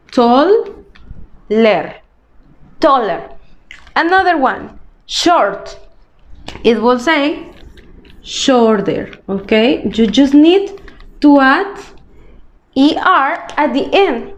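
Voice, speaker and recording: A woman teacher, patiently explaining a grammar lesson step by step, often checking in with "okay?". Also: sits high. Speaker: English teacher. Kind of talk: recorded grade-school grammar lesson.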